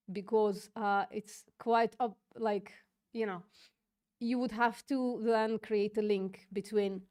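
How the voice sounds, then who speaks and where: A woman's voice: mid-range voice, clean tone. A young woman streaming live, ranting and mocking an opponent with laughter and swearing. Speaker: streamer doing online outreach. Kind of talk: live-stream debate rant.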